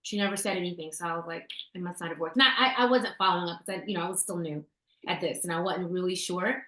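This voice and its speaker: A woman's voice: lowish voice, fast talker, bright, forceful tone. Chatty woman in a roomy space. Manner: chatty, storytelling, frequent fillers and restarts. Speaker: podcast co-host sharing essential oil tips. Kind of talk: casual chat. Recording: roomy echo.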